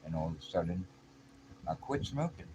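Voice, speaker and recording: A man telling a personal story in a casual, rambling and earnest way, with halting restarts. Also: sits low, sing-song. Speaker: vlogger. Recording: noisy background.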